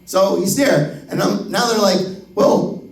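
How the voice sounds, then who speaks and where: A middle-aged male comedian tells a story on a club stage in an animated, profane way, laughing as he goes. His voice is notably high, and the sound comes from a distance with a roomy echo. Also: moderate pace, creaky. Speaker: stand-up comedian. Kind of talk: stand-up storytelling. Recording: echoey club room from a distance.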